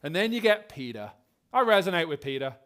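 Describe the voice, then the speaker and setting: A man's voice: a little high, brisk. A male pastor preaching a sermon and telling stories, acting out the scenes as he goes. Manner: animated storytelling, acting out scenes.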